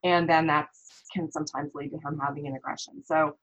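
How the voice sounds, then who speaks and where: A low-voiced woman from the American Midwest talks briskly over lo-fi sound as a guest on an interview show. A parent, she relates a story with lots of energy, imitating what others said in spirited voices.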